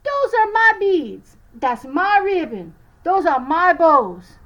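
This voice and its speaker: A woman voicing spoiled, mocking stepsisters in a storybook read-aloud, slow and shrill. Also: big pitch swings, fairly bright tone, lo-fi sound, heavily acted. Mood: shrieking. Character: shrieking spoiled stepsisters, young women.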